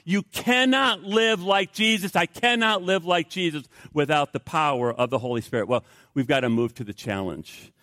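A man's voice: on the high side, moderate pace, hardly any pauses, a bit bright, no echo, clean studio sound. A middle-aged male pastor preaching a sermon in an emphatic, repetitive way with rising outbursts.

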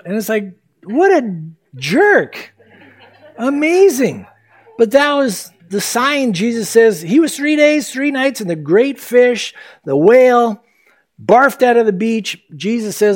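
A man preaching with a high, bright voice that swings widely up and down. He tells Bible stories with animated delivery, acting out what each figure says. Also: moderate pace. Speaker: pastor. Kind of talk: sermon.

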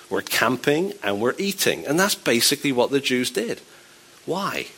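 Wry, conversational preacher, mid pitch. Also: male voice, very animated, moderate pace, fairly bright tone, husky. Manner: conversational and wry, with playful asides. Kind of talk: sermon.

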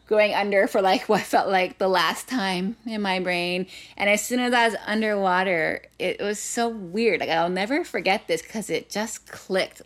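A woman from Hawaii telling a personal story in conversation, animated and full of "like" fillers. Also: mid-range voice. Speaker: guest.

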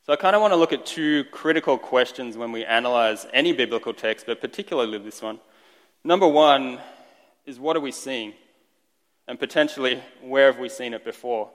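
A man preaching a sermon in a relaxed, conversational way, joking lightly and restarting his sentences now and then. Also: mid-range voice, a little fast. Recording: long reverb of a large hall.

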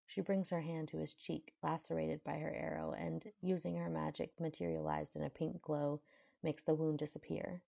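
Low, gravelly woman narrating. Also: warm tone. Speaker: audiobook reader. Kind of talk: reading fan fiction aloud.

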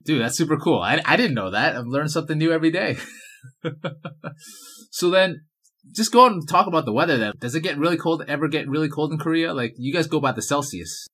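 A man's voice: on the high side, expressive, brisk, fairly bright tone, slightly rough. A man from Vancouver hosting a casual podcast interview, friendly and enthusiastic. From Vancouver, Canada. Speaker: podcast host.

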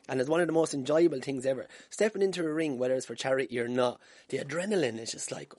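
Husky-voiced Irish podcaster telling stories. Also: male voice, medium pitch, fast, hardly any pauses, a little mellow, no room sound, clean studio sound. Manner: swearing, self-deprecating, laughing at himself. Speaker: podcast host. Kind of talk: casual solo podcast storytelling. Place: room at home. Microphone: wired podcast mic.

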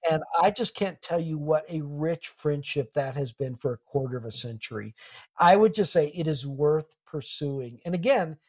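A man's voice: on the high side, lively intonation, moderate pace, a little mellow. A middle-aged man, a pastor and author, talking earnestly and reflectively in an interview, with a touch of humor. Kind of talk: conversational interview.

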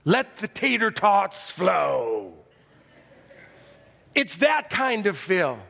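High-voiced folksy preacher in reverberant sanctuary. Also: male voice, drawn-out words, gravelly. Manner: animated, swings from loud to hushed; folksy, humorous asides. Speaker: pastor. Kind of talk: sermon.

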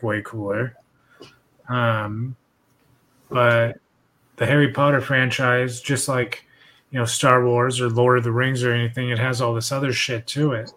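A man's voice: mid-range voice, fairly bright tone, a little hiss or hum. A man hosting a podcast in casual chat, rambling and swearing freely as he tells a loose story. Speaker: podcast host.

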